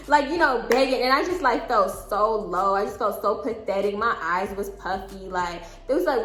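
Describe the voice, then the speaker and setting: A woman's voice: fairly high pitch, moderate pace, hardly any pauses, roomy sound. A young woman in her twenties telling a dramatic personal story in casual vlog style, laughing and acting out her own lines. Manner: animated, laughing, dramatic re-enactments. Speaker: storytime vlogger.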